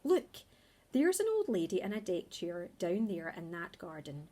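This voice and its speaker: A woman voicing a tired mother barn owl who speaks gently but firmly. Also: fairly low pitch, very animated, unhurried. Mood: motherly.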